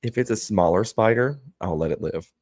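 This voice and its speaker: A man with a fairly low voice tells loose, profane stories in a podcast chat. He is animated and laughs easily. The sound is close and dry, with no room echo. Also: moderate pace. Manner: profane, animated storyteller who laughs often. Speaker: podcast co-host. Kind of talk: casual chat.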